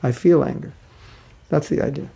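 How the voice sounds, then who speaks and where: A man with a slightly high, gravelly voice teaches a spiritual class in a loose, conversational way. He chuckles often and slips into little acted voices when quoting people. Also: normal speed, mellow, slight background noise. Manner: informal, chuckling, acts out quoted voices.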